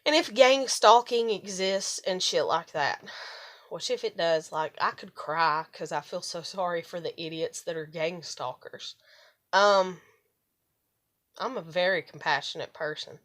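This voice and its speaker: A middle-aged woman vlogging in a rambling, profane monologue, animated when she retells arguments. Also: fairly low pitch, a little slow. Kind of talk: casual monologue to camera.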